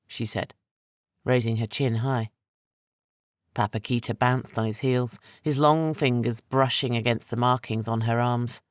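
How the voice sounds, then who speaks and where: Man reading a dark historical fantasy audiobook. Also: mid-range voice, fairly even intonation, measured pace, no room sound, studio quality. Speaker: audiobook narrator. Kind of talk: scripted narration.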